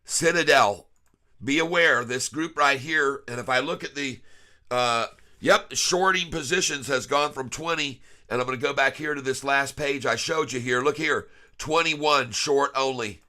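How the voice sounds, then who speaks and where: Man, congested, casual stock commentary, folksy, bright voice. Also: medium pitch, unhurried. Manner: folksy, chuckling, addresses viewers as folks. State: stuffed up nose. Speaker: stock trading vlogger. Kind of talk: casual screen-share commentary.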